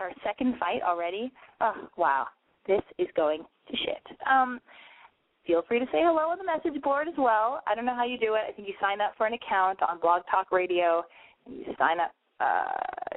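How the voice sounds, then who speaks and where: A woman's voice: medium pitch, no echo. Profane, rambling young woman host. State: nasal from a cold. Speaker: call-in advice show host. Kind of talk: rambling online radio rant. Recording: tinny phone-like line, dry.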